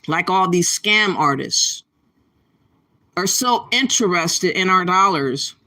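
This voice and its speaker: A woman's voice: medium pitch, sharp tone. A woman hosting a commentary channel, talking bluntly and scolding her listeners, stretching words for emphasis. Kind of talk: opinionated commentary.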